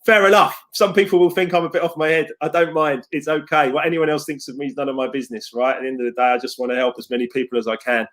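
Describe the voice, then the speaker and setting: A man coaching viewers over a live stream, upbeat and chatty, greeting people by name and calling them mate. His voice sits a little high for a man. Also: flat delivery, quick pace, few pauses, a bit bright. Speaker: success coach. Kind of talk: live-stream chat reading viewer comments.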